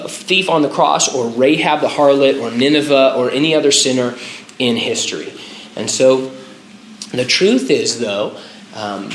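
A man's voice: mid-range voice, fairly bright tone, roomy sound, a little hiss or hum, poor audio. A pastor preaching a conversational sermon, stopping to restart his phrases and using filler words.

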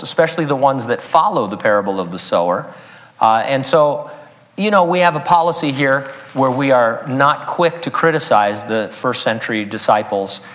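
A man's voice: on the high side, fairly bright tone, big-room sound. A man preaching a sermon as pastor, breaking in with joking asides and chuckling at his own jokes. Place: church sanctuary.

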